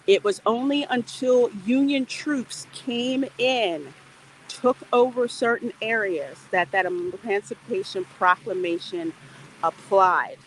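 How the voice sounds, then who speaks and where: A woman's voice: mid-range voice, takes it slowly, a little hiss or hum, rough recording. Chatty woman hosting a walking livestream. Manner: chatty and animated, greeting viewers. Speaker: livestream host. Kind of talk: casual educational walking livestream.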